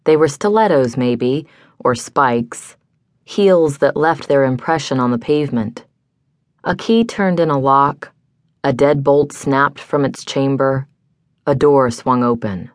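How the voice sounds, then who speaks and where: A woman narrating a hardboiled mystery audiobook in a measured, deliberate first-person telling. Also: extremely low pitch, dry recording. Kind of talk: scripted narration. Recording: dry studio.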